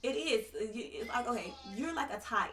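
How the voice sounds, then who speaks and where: A woman's voice: a little high, expressive, a little fast, fairly bright tone, recorded from a distance. A woman speaking as a podcast guest on tantric sex, explaining with conviction and loose slang in casual conversation. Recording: roomy, a little off-mic.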